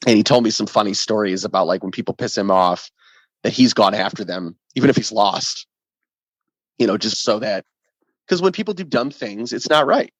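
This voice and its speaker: A man who plays in a ska band, a guest in a casual podcast interview, telling an animated story that is often profane. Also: on the low side, moderate pace, no echo. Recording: dull lo-fi sound, dry.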